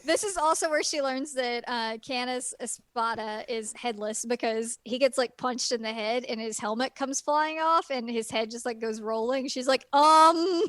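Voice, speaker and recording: A woman's voice: on the high side, moderate pace, few pauses, fairly bright tone, no room sound, clean studio sound. A woman on a casual podcast, rambling through a plot recap with lots of ums. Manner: rambling plot retelling with many fillers. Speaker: guest reviewer.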